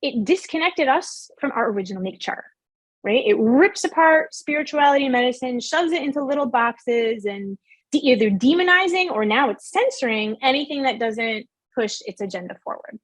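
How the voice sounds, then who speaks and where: A woman's voice: high voice, animated, normal speed, no echo. A middle-aged woman giving an earnest, emphatic motivational workshop talk and asking her audience questions. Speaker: workshop speaker.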